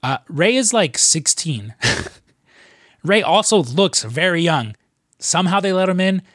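A man's voice: high voice, animated, slow, a bit bright, no room sound, clean studio sound. Profane, rambling man on a podcast. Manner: loose, profane storytelling with many fillers. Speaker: podcast co-host. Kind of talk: casual chat.

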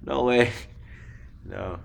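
A man co-hosting a casual podcast, mostly answering in short, quiet replies. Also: mid-range voice, drawn-out words, vocal fry. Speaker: podcast co-host.

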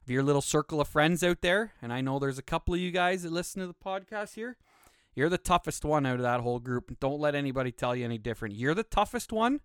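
Animated swearing podcast host. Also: male voice, a little high, quick pace, clear, resonant tone, no room sound, studio quality. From Canada. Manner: blunt and heavily swearing, with animated rants. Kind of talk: casual profane storytelling.

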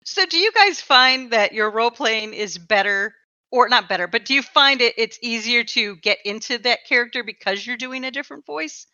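Woman host, bright voice, chatty and repeating herself, dull dry recording. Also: fairly high pitch, expressive, moderate pace, no room sound. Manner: chatty, repeats words and laughs often. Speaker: podcast host. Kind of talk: casual chat. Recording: dull, slightly lo-fi dry sound.

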